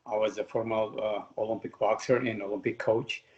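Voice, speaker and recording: Ethiopian-accented man, halting English. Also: fairly low pitch, little pitch movement, darkish tone. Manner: halting, non-native English with slow stretched phrases. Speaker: guest, former Olympic boxer and coach. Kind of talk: casual interview. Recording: muffled lo-fi audio.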